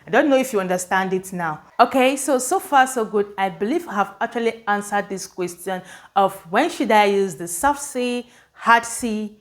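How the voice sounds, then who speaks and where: A woman teaching English spelling, explaining patiently, sounding out words and often checking that her students follow. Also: mid-range voice. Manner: explanatory, repeats words slowly, checks understanding. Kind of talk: spelling lesson at a board.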